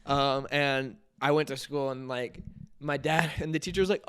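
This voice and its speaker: A young man in his twenties co-hosting a podcast, relaxed and laughing often, saying "dude". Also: mid-range voice, normal speed, clean tone. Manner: laid-back, laughs often, says "dude". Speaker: podcast co-host. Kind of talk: casual chat.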